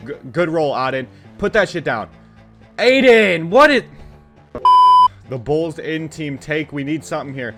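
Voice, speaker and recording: Excitable man calling his own game. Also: on the high side, loud music behind the voice. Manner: excitable, quickly frustrated, talks to the players on screen; casual slang and swearing. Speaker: gaming channel host. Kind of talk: live video game play-by-play commentary.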